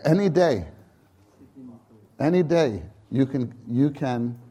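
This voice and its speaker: A man delivers a sermon at an easy, drawn-out pace. He speaks haltingly, restarting phrases, then lifts into fervent emphasis. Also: mid-range voice, lively intonation, warm tone. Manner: unhurried, halting, with many restarts and fervent rises. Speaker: preacher. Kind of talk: conference sermon.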